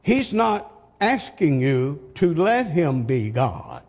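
A husky older preacher delivers his sermon at an unhurried pace. He fires off rhetorical questions with emphatic force. The voice rings out with the long reverb of a large church hall. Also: on the high side, sing-song, darkish tone.

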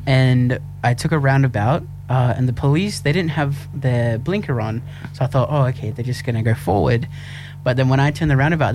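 Animated young man telling a story. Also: mid-range voice. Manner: animated storyteller, laughs often. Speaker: radio show co-host. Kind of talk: casual chat. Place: small radio studio.

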